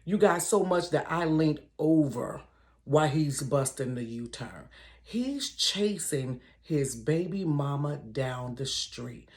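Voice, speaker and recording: Middle-aged woman vlogger, casual storytime, animated and chatty, talks straight to her viewers. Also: low voice, slow pace. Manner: animated, slangy, keeps addressing listeners directly. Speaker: vlogger telling a personal story. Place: bedroom.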